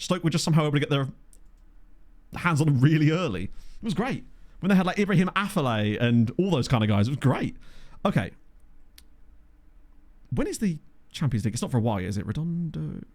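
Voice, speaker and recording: Male game streamer, animated pitch, thinks out loud and cracks jokes to chat. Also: fast. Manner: chatty, thinking aloud, joking with chat. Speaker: gaming video creator. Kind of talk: casual gameplay commentary. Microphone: desktop USB microphone.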